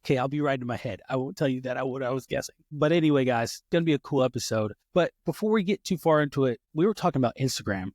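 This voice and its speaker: A man's voice: medium pitch, fast, few pauses, a little mellow, no echo, clean studio sound. A man hosting a casual podcast, rambling and self-deprecating with lots of restarts and fillers. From United States. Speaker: podcast host.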